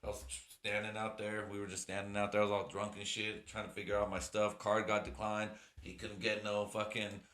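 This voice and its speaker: Profane, rambling podcast host, male, sipping whiskey, bright tone in a roomy space. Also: on the low side, flat delivery, fairly quick, few pauses. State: drinking whiskey as he talks. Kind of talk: casual solo podcast chat.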